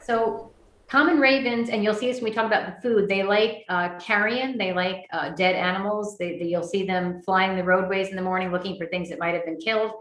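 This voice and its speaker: A woman's voice: mid-range voice, a little fast, fairly bright tone. Chatty birding woman in an echoey room. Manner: chatty, with many fillers and restarts. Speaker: birding workshop presenter. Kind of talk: virtual lecture with slides.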